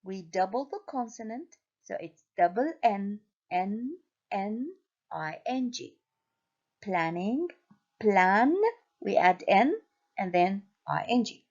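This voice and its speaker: A woman teaching an English grammar lesson, speaking slowly, repeating patterns and spelling out letters. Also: mid-range voice, animated, darkish tone, lo-fi sound. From Syria.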